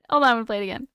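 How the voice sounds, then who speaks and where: A woman hosting a casual live stream from her desk at home, chatty and excitable, swearing freely. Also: a little high, smooth, no room sound.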